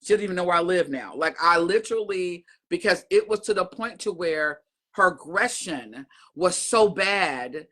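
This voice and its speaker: A woman's voice: on the low side, lively intonation, normal speed, a bit bright. A middle-aged woman vlogger talking casually to her viewers, a chatty storyteller who often repeats herself and uses folksy phrasing. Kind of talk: casual chat to camera.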